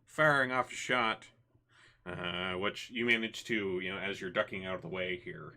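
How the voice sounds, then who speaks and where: Bright-voiced male game master, halting. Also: sits low, slight background noise. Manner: loose, hesitant narration with many fillers. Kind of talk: narrating a tabletop game.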